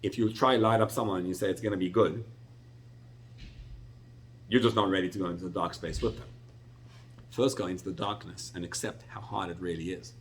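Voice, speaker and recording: Animated middle-aged rabbi teaching. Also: male voice, brisk, pauses often, a little hiss or hum. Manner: animated, expressive storytelling with sudden pitch jumps. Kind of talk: Torah class.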